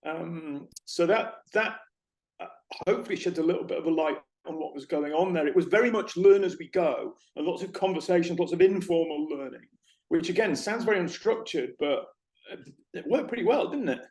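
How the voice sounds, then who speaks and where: A middle-aged man, a guest in an interview, telling animated stories and acting out shop conversations. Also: a little high, a little fast. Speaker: interview guest, former retail manager. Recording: echoey room.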